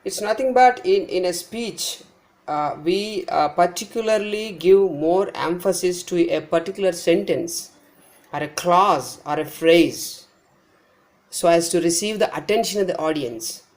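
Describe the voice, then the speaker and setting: A man with a fairly high voice and an Indian English accent teaches an English pronunciation lesson. He explains step by step and patiently repeats example words slowly to show where the emphasis falls.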